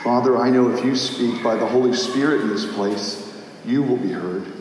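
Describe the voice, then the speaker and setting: A man's voice: medium pitch, normal speed, distant mic. Pastor, man, fervent sermon delivery, big reverberant sanctuary sound, faint room noise. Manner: impassioned, swinging between shouting and hushed prayer. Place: church sanctuary. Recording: echoey hall, faint ambience.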